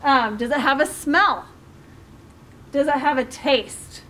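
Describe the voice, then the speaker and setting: A woman's voice: high voice, slow pace, pushed and bright, a little hiss or hum. A middle-aged woman life coach giving a chatty talk on handling emotions, with many fillers and restarts and some laughter.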